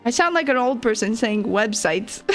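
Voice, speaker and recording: A woman streamer chatting playfully with her viewers, giggly and teasing. Her voice is high and her delivery is unhurried, with faint music playing behind her. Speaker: livestreamer. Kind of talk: casual chat with viewers.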